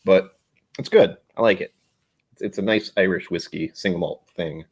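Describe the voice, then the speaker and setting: A man's voice: deep voice, normal speed, breathy edge. A man hosting a casual whiskey live stream, rambling and self-deprecating as he gets sidetracked.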